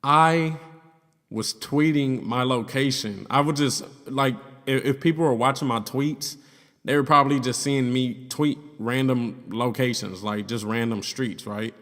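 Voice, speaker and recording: A man's voice: mid-range voice, a little slow, a bit bright. A young man telling a story in casual vlog style, loose and profane, full of "like" and "you know what I'm saying". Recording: long reverb in the room.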